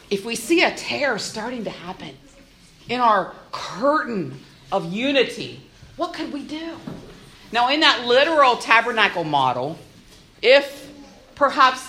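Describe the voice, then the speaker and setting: A woman's voice: medium pitch, slight background noise. A woman giving a church youth-group talk, acting out little voices as she goes. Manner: animated, acts out little voices. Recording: echoey room.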